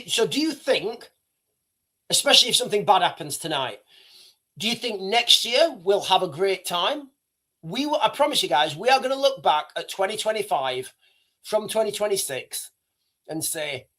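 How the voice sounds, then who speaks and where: A man's voice: high-pitched, animated, moderate pace, pushed and bright. A man hosting a casual livestream, talking in a rambling way with many restarts and fillers. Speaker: livestream host.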